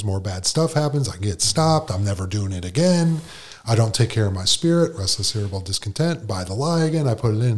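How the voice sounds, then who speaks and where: Candid, animated man telling his story. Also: lowish voice. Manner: animated, candid, acts out dialogue. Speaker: podcast guest. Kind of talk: casual storytelling conversation.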